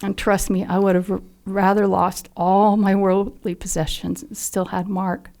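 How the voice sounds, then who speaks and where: The older woman speaks at a measured pace in a medium, level voice that is gravelly and darkish. As a podcast guest and the mother of a fallen SEAL, she tells a personal story earnestly, occasionally dropping to near whisper.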